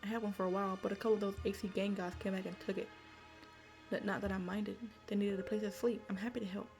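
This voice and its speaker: A meek, beaten-down boy, as a woman puts him on in a horror game, talking nervously and eager to please. The voice has a gravelly edge at middle pitch. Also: flat delivery, fast, darkish tone, faint music behind, close to an everyday voice.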